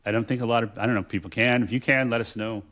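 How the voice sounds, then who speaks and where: A man's voice: medium pitch, steady tone, racing, fairly bright tone. A middle-aged man from Texas, co-hosting a casual chat and telling family stories in a reflective way, with many restarts. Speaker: podcast co-host.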